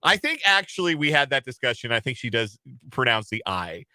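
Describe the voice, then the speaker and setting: Bright-voiced easygoing sports radio man. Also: mid-range voice, sing-song, a little fast, dry recording. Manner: easygoing, laughs often, then plain and informative on football news. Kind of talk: casual sports talk chat. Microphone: studio microphone.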